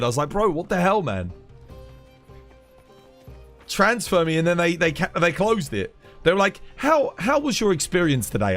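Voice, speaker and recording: A man talks on a live game stream in a slightly higher voice, with faint music under him. He rambles and circles back over his words, sounding fed up. It is casual streamer talk at a desk mic. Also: very animated, normal speed, a bit bright. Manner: exasperated, rambling, repeats himself.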